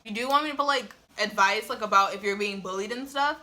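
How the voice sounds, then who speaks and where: In a quick, mid-range voice that's bright and forceful, a young woman tells a personal story for a casual vlog. She chats freely, fills it with "like," and laughs often; the young adult vlogger is filmed on a phone camera on a tripod.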